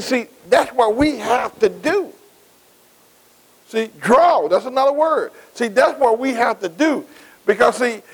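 High-voiced man preaching with call and response. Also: rough recording. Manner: call-and-response preaching, frequent rhetorical questions; repeats words while building up. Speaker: pastor. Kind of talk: sermon.

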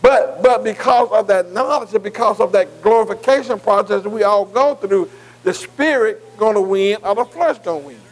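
A man with a high-pitched voice teaches a Bible class in sermon style at a moderate pace, captured in a rough recording. Earnest and plain-spoken, he has listeners fill in missing words and keeps asking "am I right?"

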